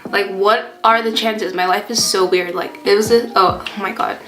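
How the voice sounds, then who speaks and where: A woman's voice: mid-range voice, fairly even intonation, normal speed, a bit bright. A young adult woman vlogger telling a casual storytime while doing her makeup, chatty, full of fillers and swearing freely. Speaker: beauty vlogger. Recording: roomy sound with faint background music.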